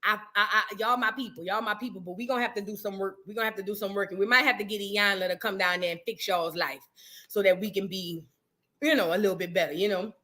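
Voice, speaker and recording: A woman hosting a casual reaction livestream, rambling in slang, reading chat and shouting out viewers. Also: mid-range voice, steady tone, quick pace.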